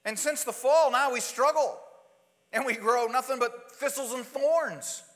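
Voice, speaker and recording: A man preaching with a high, bright voice that rings through a large hall with long reverb. He swings between loud, urgent passages and hushed asides, and acts out quoted prayers and pleas. The sound is a sermon echoing through a church space. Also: a little slow.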